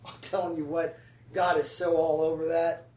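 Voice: mid-range voice, little pitch movement, moderate pace, a little mellow. A preacher giving a sermon in a chatty, conversational way, often checking in with the congregation with "right?" and "amen?". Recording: roomy sound from a distant mic.

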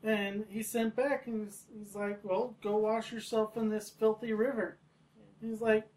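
A woman's voice: medium pitch, little pitch movement, measured pace, darkish tone, poor audio. A woman taking part in a casual Bible study discussion, retelling a story loosely with many restarts.

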